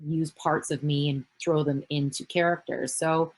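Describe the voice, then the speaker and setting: A woman's voice: sits low, flat delivery, a little slow, a little mellow. A woman in her thirties from Canada, an actress answering fan questions in a casual virtual panel over a video call, rambling with lots of fillers and the odd swear word.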